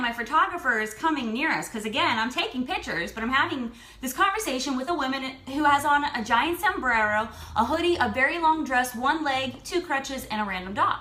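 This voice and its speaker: A woman's voice: high voice, sharp tone, reverberant. A woman telling a personal story in a chatty way, repeating details for effect, as a self-help author.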